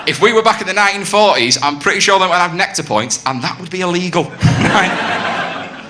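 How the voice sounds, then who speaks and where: A man performs a brash stand-up set on a club stage, spinning a story and acting out the people in it. His voice sits a little high for a man. The recording is noisy live club sound, with audience laughter behind him. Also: animated, a little fast. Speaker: stand-up comedian. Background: audience laughter and room ambience.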